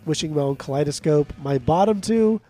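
A man's voice: on the high side, brisk, dark tone, faint music behind. A man co-hosting a podcast, telling rambling stories in casual chat, full of "like" fillers. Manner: rambling storyteller, lots of "like" fillers. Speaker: podcast co-host.

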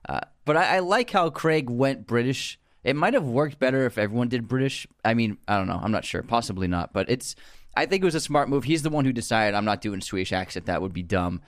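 A man co-hosting a casual podcast, talking about movies in a chatty, easygoing way and laughing often. His voice sits at an ordinary middle pitch, recorded on a dry, close mic. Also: animated, brisk, no room sound. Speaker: podcast co-host. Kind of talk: casual film discussion.

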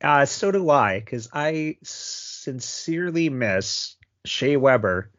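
A man's voice: mid-range voice, expressive, slow pace, fairly bright tone. A man co-hosting a hockey podcast in casual chat, laid-back and teasing, often chuckling. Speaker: podcast co-host. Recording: dull lo-fi audio.

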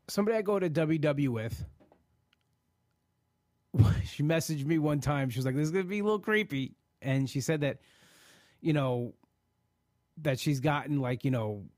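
A man's voice: medium pitch, a little mellow, dry recording, studio quality. A man in his forties hosting a podcast, talking in an earnest, rambling way with many restarts. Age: 40s. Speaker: podcast host. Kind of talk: casual solo podcast talk.

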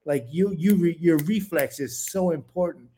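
A man's voice: fairly high pitch, moderate pace, mellow. A man, a former fighter co-hosting a boxing podcast, explaining things at length in loose, restarting sentences. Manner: rambling explanations with many fillers and restarts. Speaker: podcast co-host, former boxer. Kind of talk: casual boxing chat.

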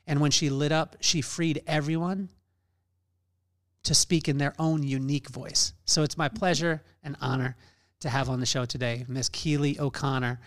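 High-voiced, energetic male podcast host. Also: normal speed. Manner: energetic, rambling with many fillers and restarts. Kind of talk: casual conversational interview.

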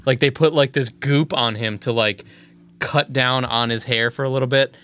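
A young man co-hosts a podcast, telling stories in a rambling way. He leans on fillers and swears casually. His voice sits at an ordinary pitch for a man. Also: fairly even intonation, normal speed, pushed and bright, clear, resonant tone. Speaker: podcast co-host. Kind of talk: casual chat.

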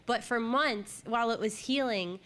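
A woman's voice: fairly high pitch, moderate pace, a bit bright. A woman co-hosting a podcast, chatting casually and telling a personal story. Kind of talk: casual chat.

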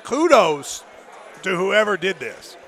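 Animated high-voiced man with hiccups. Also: a little fast, a faint crowd. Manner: animated, laughing, chatty. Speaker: podcast co-host. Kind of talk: casual chat.

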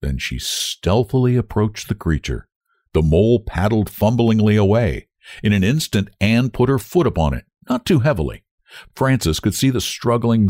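A man reading a story aloud as narrator, in an expressive, dramatic manner. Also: fairly low pitch, dry recording, studio quality. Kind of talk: scripted narration.

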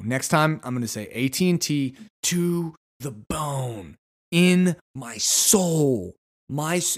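A podcast host, a man, ranting sarcastically in a casual solo talk and acting out mock conversations. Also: fairly high pitch. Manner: animated, sarcastic, acts out mock dialogues.

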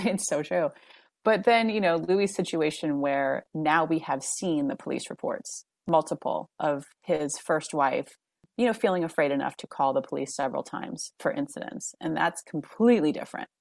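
A woman with a notably low speaking voice hosts a casual podcast chat. She talks in an animated, gossipy way, full of "like" and quick laughs. The recording is dry and close, with no room sound. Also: vocal fry, no room sound. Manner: chatty, animated, frequent laughs and "like". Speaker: podcast host.

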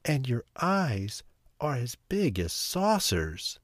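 A man voicing an innocent little girl in a high, wondering storybook voice. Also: huge pitch swings, a little slow, dry recording, studio quality, exaggerated voice. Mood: wide-eyed.

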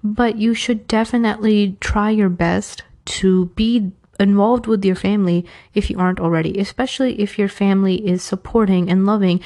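A woman's voice: mid-range voice, steady tone, moderate pace, hardly any pauses, warm tone. A woman from New York with a New York accent, giving casual, frank Islamic advice and wandering into self-aware, joking asides. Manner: chatty, frank, digresses with self-aware humor. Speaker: advice speaker.

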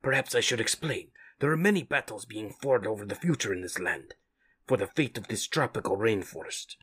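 A man voicing a wise, solemn jaguar mutant in a measured, husky voice, with Spanish words mixed in, for a comic read-aloud. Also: on the low side, lively intonation, fairly bright tone.

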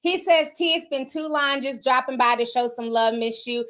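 A woman's voice: high voice, level tone, moderate pace, a bit bright. A woman livestreamer reading out viewer donations in a casual, candid and outspoken way.

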